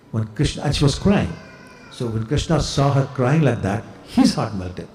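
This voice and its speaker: Guy telling temple stories, easy chatty sermon, mellow warm voice. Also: mid-range voice, animated, moderate pace, poor audio. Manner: storytelling, self-correcting, conversational. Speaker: temple speaker. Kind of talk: devotional storytelling sermon.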